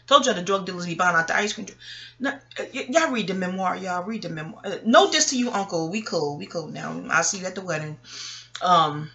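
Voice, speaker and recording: A woman's voice: fairly low pitch, animated, fairly quick, a bit bright, highs cut off. A woman vlogger talking in a casual, rambling monologue. She is candid and profane, goes off on tangents and laughs often.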